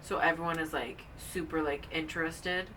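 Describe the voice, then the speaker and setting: Chatty woman with a bright voice. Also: sits low, steady tone, normal speed, far from the mic, slight background noise, poor audio. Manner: chatty storyteller, reads quotes aloud with emphasis. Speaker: podcast co-host. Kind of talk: casual movie recap chat.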